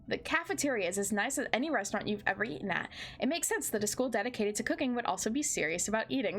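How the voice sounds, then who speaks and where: A young woman streaming a game, reading the narration and joking between lines in a giggly, excitable way. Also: on the high side, fast talker, few pauses, faint music behind. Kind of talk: game playthrough with narration and commentary.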